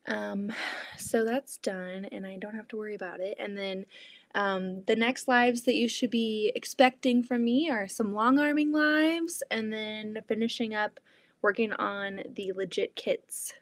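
A woman's voice: mid-range voice, a little slow, no room sound. A woman hosting a quilting livestream from her home basement, reading comments aloud in a chatty, giggly way full of restarts. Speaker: quilting channel host.

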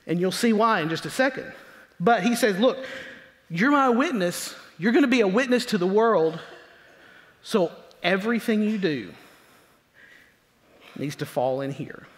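High-pitched preacher in a reverberant church. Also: male voice, lively intonation. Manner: emphatic preaching with slow drawn-out stresses; acts out grumbling complainers in a low mutter. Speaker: pastor. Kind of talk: sermon. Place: church sanctuary. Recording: long church hall reverb.

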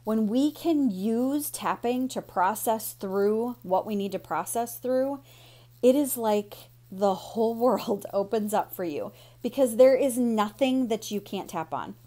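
A woman's voice: on the high side, a little slow, mellow. Woman coach guiding viewers through tapping steps, encouraging and direct. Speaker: emotion coach. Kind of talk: instructional talk guiding tapping.

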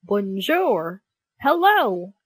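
A woman voicing a friendly, cheerful male French bulldog in a children's storybook, with bright, eager, sing-song lines. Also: mid-range voice, very animated, very slow, breathy edge, no room sound, exaggerated voice.

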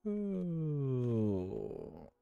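Male gamer commentating his own play, profane and exasperated, taunting the enemies; very lively pitch, dry close mic. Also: extremely slow, gravelly, smooth, dry recording, phone-quality sound. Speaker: gaming YouTuber. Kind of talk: gameplay commentary.

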